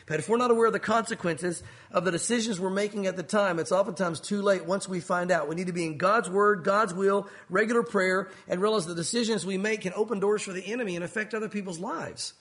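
A man's voice: high voice, fast talker, few pauses, fairly bright tone. A man preaching a sermon in an earnest, storytelling way, acting out the people in the story. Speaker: pastor.

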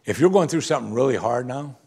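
A man preaching a sermon, swinging from quiet low asides to loud emphatic exclamations. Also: expressive, fast, slightly rough. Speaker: pastor.

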